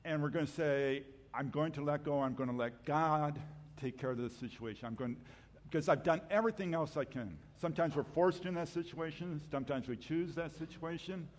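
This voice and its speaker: A man preaching as a guest speaker in a church, joking about himself and stopping to restart his sentences. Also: fairly high pitch. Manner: self-deprecating, joking, halting restarts. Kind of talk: sermon. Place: church sanctuary. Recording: long hall reverb.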